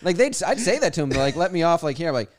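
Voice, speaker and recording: A man's voice: on the high side, racing. A man chatting casually and telling stories, acting out both sides of the conversation. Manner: animated, acts out both sides of his stories. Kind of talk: casual chat, storytelling.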